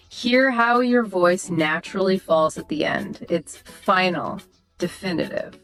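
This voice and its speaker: A woman's voice: expressive, a little slow, a bit bright, faint music behind. Woman co-host demonstrating intonation patterns. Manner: explanatory, demonstrates example sentences with exaggerated pitch. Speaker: podcast co-host explaining intonation. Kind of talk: scripted educational podcast chat.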